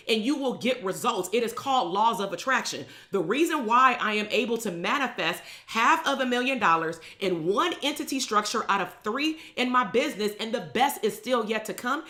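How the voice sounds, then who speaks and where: A woman's voice: fairly high pitch, pushed and bright. A woman, talking bluntly and emphatically as a business coach on a live stream. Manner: blunt, emphatic, swears freely.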